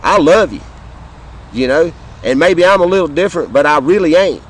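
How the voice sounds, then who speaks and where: A man's voice: fairly high pitch, expressive, moderate pace, slightly rough, low-quality recording. A man in his fifties with a Southern American accent, talking in an impassioned, rambling way outdoors, swearing and often repeating himself. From Southern United States. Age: 50s. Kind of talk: casual monologue to camera.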